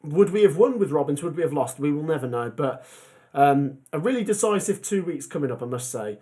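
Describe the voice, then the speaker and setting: A man's voice: on the high side, expressive, a little fast, mellow. Chatty man hosting a livestream. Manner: chatty, rambling, many ums. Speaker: football fan channel host. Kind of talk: casual livestream chat reading comments.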